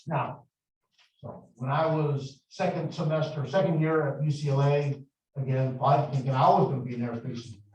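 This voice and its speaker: A middle-aged man teaching a math class, explaining slowly and deliberately and wandering into chatty stories from his past. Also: mid-range voice, steady tone, a little mellow. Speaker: math instructor. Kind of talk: classroom lecture. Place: large echoey classroom. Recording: echoey, distant, dull classroom recording.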